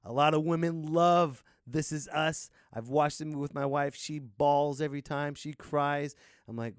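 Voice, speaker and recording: A man delivers a comic rant as a podcast host, sarcastic and rambling. His voice sits a touch high, and he drops to mutters before jumping into loud bursts. The sound is dry and close. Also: moderate pace, clean tone, no echo.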